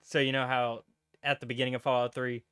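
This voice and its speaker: A man's voice: medium pitch, little pitch movement, fast, fairly bright tone, clear, resonant tone. Rambling man in casual podcast chat. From United States. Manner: rambling, lots of fillers and restarts. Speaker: podcast co-host.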